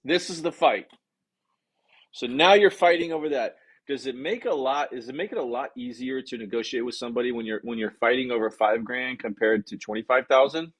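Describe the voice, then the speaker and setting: Speaking briskly in a mid-range voice, a male sales coach teaches negotiation on a live stream. His style is energetic and informal, with frequent "okay?" check-ins and viewer comments read aloud.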